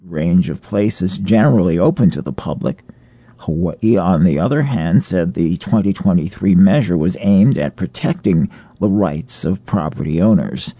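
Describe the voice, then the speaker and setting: Deep, dark-voiced male newscaster. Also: expressive, breathy edge, dry recording. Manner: measured newsreader delivery. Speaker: local newscaster. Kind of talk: radio news reading.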